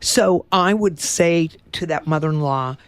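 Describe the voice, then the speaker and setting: A woman co-hosting a casual chat, playful and quick to laugh, reading out quiz questions to her friend. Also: low voice, clean tone, dry recording. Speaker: co-host.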